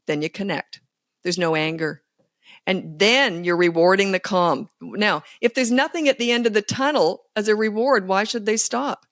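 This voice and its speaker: A woman with a mid-range voice speaks at normal speed in studio-quality audio with no room sound. She's a parenting coach appearing as a guest in a casual podcast interview, blunt, emphatic and self-assured.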